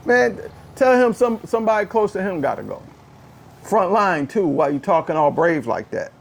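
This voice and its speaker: A man hosting a casual political talk show, ranting in an animated, exasperated way, often repeating phrases and swinging from low muttering to a raised voice. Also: normal speed, gravelly. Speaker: podcast host. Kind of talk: casual political commentary rant.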